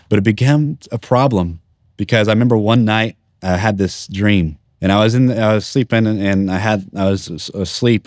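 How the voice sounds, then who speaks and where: Man, lowish voice, sharing a personal faith testimony in a church, earnest and candid, dry close sound. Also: no room sound. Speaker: testimony speaker.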